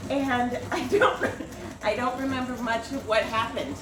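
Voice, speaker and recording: A middle-aged woman tells a self-deprecating story from her past, slipping into the voices of the people in it. Her voice sits a touch high. She is picked up from across a roomy home kitchen, with steady noise behind her. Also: unhurried. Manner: self-deprecating, animated storytelling with acted-out quotes. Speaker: writer and storyteller. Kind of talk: personal storytelling monologue. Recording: roomy home recording from a distance, with background noise.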